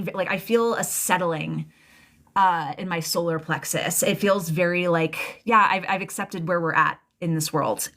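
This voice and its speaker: Young woman, tarot reader on a live stream. Chatty, emotional, loose and rambling, voice sits a bit low. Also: a bit bright.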